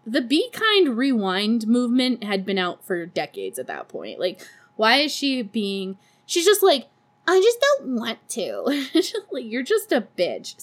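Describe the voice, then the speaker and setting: A woman hosting a podcast, recapping a movie in casual chat with sarcastic, profane asides and frequent laughter. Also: mid-range voice. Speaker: podcast host.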